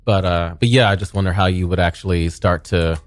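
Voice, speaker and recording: A man's voice: low voice, fairly quick, dry recording, studio quality. A man co-hosting a casual chat, telling stories in a laid-back way with lots of "like". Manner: laid-back storytelling with "like" fillers. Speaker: podcast co-host.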